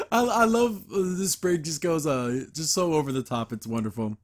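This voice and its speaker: A man's voice: fairly high pitch, normal speed. A man hosting a podcast, giving a casual, rambling episode review full of enthusiasm and frequent laughs. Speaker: podcast host.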